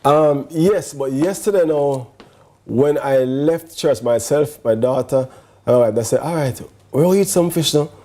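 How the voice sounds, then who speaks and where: A man with a Jamaican accent co-hosting a morning show, chatting casually and laughing often. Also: medium pitch. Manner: lively, laughing, quick to agree. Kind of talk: casual chat.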